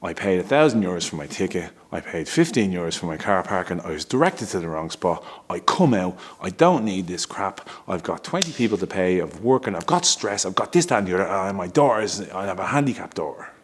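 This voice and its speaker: A middle-aged man telling a candid, emotional story about his family, halting and restarting with small laughs. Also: low-pitched, sing-song, breathy edge. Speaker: father telling a personal story.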